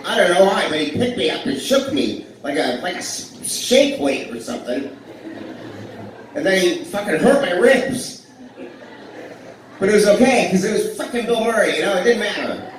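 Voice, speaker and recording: A stand-up comedian in his forties tells rambling, self-deprecating stories and riffs with the live crowd on a blues club stage. His high-pitched voice is very animated at a moderate pace, heard from far off in an echoey club with a little hiss or hum.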